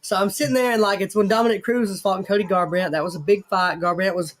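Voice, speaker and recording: A man's voice: sits high, steady tone, fast. A man hosting a casual chat, telling a rambling, profane, self-mocking story. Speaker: host.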